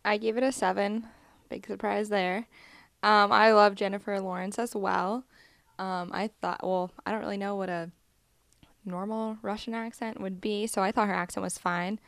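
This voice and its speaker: Woman with a gravelly, dry voice. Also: medium pitch, flat delivery, normal speed, fairly bright tone, no room sound. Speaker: podcast guest. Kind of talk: casual chat about movies.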